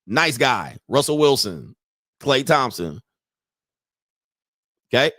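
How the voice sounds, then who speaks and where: A man's voice: medium pitch, sing-song, takes it slowly, a bit bright, no echo. A young man running a brash, mocking reaction commentary, his slang loose and his voice in a middle register. The sound is dry and close, with no room in it. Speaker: commentary host.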